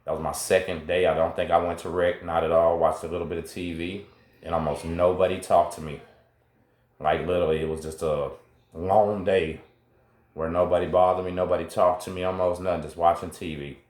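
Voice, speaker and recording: Laid-back man, low voice. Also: little pitch movement, brisk, darkish tone, roomy sound. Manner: laid-back, slangy, talks straight to viewers. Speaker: host. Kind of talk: casual first-person storytelling.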